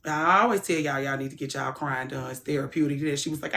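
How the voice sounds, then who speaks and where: Frank, animated woman chatting on stream. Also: low voice, fairly quick. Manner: frank, animated, swings from soft to loud. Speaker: livestream host. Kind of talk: casual livestream chat.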